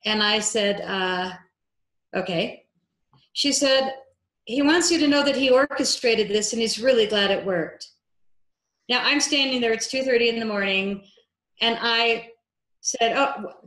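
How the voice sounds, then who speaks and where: A woman filmmaker, a guest in an interview, tells a story with lively energy and acts out every line of dialogue she quotes. Her voice sits a little high. The recording has a noticeable room echo. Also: normal speed. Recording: echoey room.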